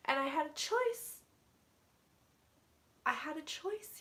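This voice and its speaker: A woman's voice: sits high, big pitch swings, slow pace, pauses often, a bit bright. A woman psychic channeling on a live stream from her room, talking intensely, dropping to whispers and swearing freely. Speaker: psychic reader.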